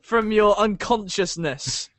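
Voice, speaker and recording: A man's voice: sits high, slow, fairly bright tone, dry recording. A man narrating as dungeon master, hesitant and often repeating his words. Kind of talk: narrating a tabletop game.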